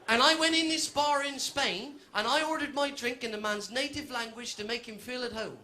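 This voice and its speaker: A man's voice: extremely high pitch, moderate pace, bright, forceful tone. A man doing a stand-up comedy set, telling a cheeky story to a live audience in a chatty way.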